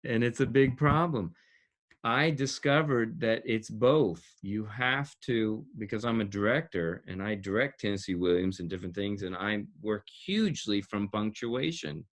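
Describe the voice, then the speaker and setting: A man with a lowish voice, speaking at normal speed, is interviewed about his teaching as an acting coach and director. He stresses his points, repeats key words, and laughs in between.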